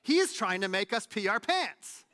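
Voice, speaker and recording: A man in his late thirties, a pastor giving a conversational sermon with animated, self-deprecating humor. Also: high-pitched, moderate pace. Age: late 30s.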